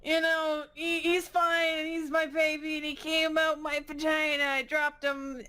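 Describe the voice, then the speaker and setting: A woman voicing a brash, unhinged woman patient who snatches a baby, talking loud and aggressive. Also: high voice, flat delivery, unhurried, pitched above the performer's own voice. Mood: insistent.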